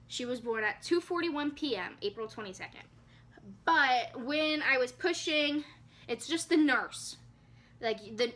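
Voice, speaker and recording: A young woman casually telling the story of giving birth, candid and chatty, swearing freely and acting out her own reactions. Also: a little high. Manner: animated, acts out her own quoted reactions.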